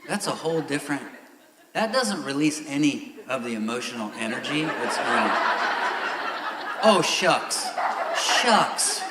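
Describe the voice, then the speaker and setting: A middle-aged man preaching a sermon as pastor, candid and growing loud and emphatic. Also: mid-range voice, slight background noise. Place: church sanctuary. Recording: echoey church hall.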